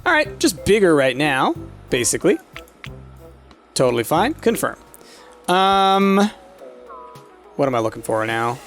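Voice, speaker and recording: A man's voice: on the high side, very animated, measured pace, pauses often, fairly bright tone, soft background music. Laid-back man streaming a game. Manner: chatty, laughs often, talks to his pets on screen. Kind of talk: casual gameplay commentary.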